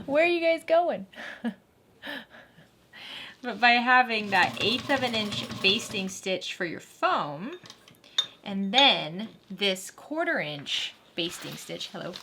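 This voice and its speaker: A woman's voice: mid-range voice, noisy background. A woman hosting a casual sewing tutorial, chatting and laughing with viewers while she works. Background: faint sewing machine whir.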